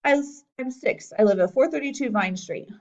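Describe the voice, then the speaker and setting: A woman voicing a fussy six-year-old boy who whines in a high voice, in a storybook reading. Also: expressive, moderate pace, a little mellow, recorded from a distance, muffled recording. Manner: whiny, pitched up high.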